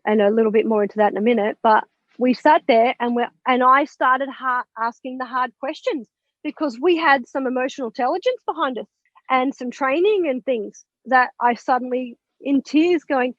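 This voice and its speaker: A high-pitched woman in her thirties tells a personal story with feeling, slipping into the voice of her past thoughts and swearing freely. Her voice sits dry and close, with muffled, lo-fi sound. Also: normal speed, no echo. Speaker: podcast guest.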